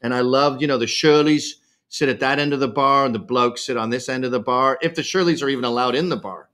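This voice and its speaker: A man's voice: medium pitch, fast talker, fairly bright tone. A Canadian man speaking as a podcast guest on a remote call, blunt, provocative and joking in casual conversation.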